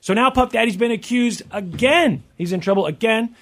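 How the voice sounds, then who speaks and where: Man, podcast host, high voice, rambling, casual chat. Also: normal speed. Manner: rambling, animated, joking.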